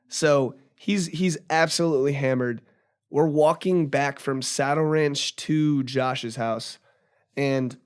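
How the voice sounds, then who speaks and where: A young man telling a story casually as a podcast guest, rambling with lots of fillers and restarts. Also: medium pitch. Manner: rambling, filler-heavy retelling with frequent restarts.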